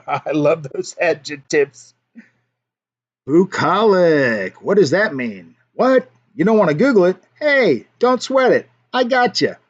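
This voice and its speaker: A man hosting a casual livestream, telling jokes and chatting with his viewers. His voice sits high and swings widely in pitch. The audio is dull and lo-fi. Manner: animated, playful, chuckles at his own jokes. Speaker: livestream host.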